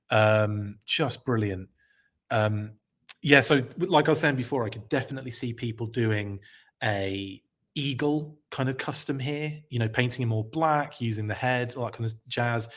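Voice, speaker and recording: A man's voice: mid-range voice, fairly bright tone. A man hosting a live podcast stream, reacting with enthusiasm, rambling and correcting himself as he reads out chat comments.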